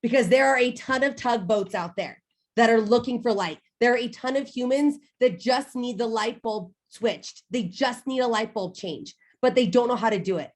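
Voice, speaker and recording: An American woman in her thirties motivates a sales team, speaking directly to the audience with emphasis and stories from her own life. She talks at normal speed in a fairly high-pitched voice.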